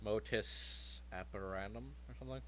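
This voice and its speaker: Foul-mouthed guy running a tabletop game, kinda low voice, laid-back jokey. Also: normal speed, slight background noise. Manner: crude, joking, swears freely. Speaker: game master.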